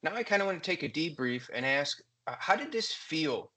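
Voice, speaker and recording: A man facilitating a workshop on a video call, asking measured debrief questions. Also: on the high side, lively intonation, bright, forceful tone.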